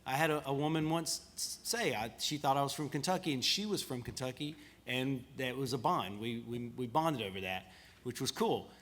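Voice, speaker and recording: A man's voice: medium pitch, expressive, moderate pace, fairly bright tone. A man with a Southern American accent chatting on a panel in a laid-back, self-deprecating way. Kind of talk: casual panel discussion. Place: conference panel room.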